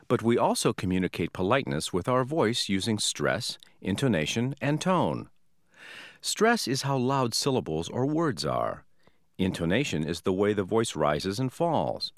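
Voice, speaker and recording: A low-voiced man teaching about polite speech, reading a script clearly and evenly. His pitch rises and falls in broad sweeps, and the recording is dry and close. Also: sing-song, unhurried, dry recording. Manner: clear, explanatory delivery. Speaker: language teacher. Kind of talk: scripted explanation.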